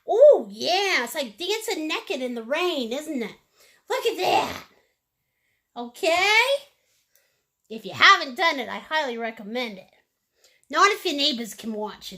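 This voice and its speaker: A woman's voice: high voice, sing-song, unhurried, bright, forceful tone. A woman teaching a live-streamed painting class, bubbly and playful as she chats with her viewers. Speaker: painting instructor.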